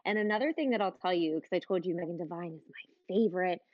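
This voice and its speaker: Woman host, 30s, earnest and emphatic, lowish voice, dry and slightly muffled recording. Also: quick pace, dry recording. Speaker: host of a live online talk. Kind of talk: casual heartfelt talk.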